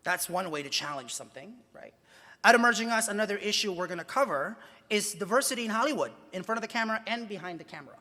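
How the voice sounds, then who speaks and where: Bright-voiced man speaking in an echoey hall. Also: sits high, lively intonation, quick pace. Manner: emphatic, asks many rhetorical questions. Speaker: journalist giving a talk. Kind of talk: conference talk to students. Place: large convention hall. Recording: echoey hall with long reverb.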